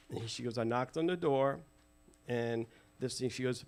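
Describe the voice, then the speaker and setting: A man, a guest telling family stories to a live audience in an animated way, acting out quoted voices. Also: medium pitch, normal speed. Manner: lively, acts out quoted voices, laughs often.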